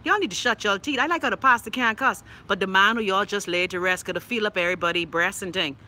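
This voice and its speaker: Bahamian woman, live-stream host, sassy and profane, bright tone, slightly scratchy throat. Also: medium pitch, fast talker. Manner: sassy, blunt, profane, chatty. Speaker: live-stream host reading viewer comments. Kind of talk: casual live-stream chat.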